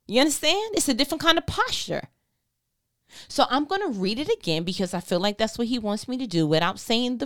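A young woman hosting a devotional talk, reading Bible verses slowly and softly, then preaching with fired-up urgency. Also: on the high side. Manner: earnest, switches between slow soft reading and fired-up preaching. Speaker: podcast host.

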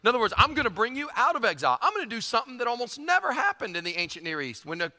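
A man preaching a sermon, emphatic and animated, repeating phrases for emphasis. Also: very high-pitched, racing. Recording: long hall reverb.

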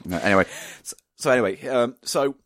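A man's voice: mid-range voice, fairly quick. A man co-hosting a podcast, chatting casually, joking and swearing freely. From United Kingdom. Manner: sweary, jokey, animated. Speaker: podcast co-host. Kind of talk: casual chat.

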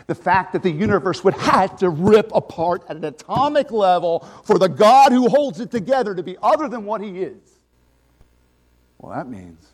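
A man preaching a sermon, emphatic, swinging between loud exclamations and quiet asides. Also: fairly high pitch.

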